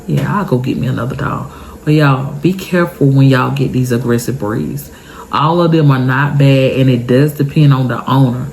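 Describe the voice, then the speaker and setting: A young adult woman telling an emotional storytime vlog, tearful and expressive, talking straight to her viewers. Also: low-pitched, slight background noise. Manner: expressive, heartfelt, chatty, addresses viewers directly. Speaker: vlogger.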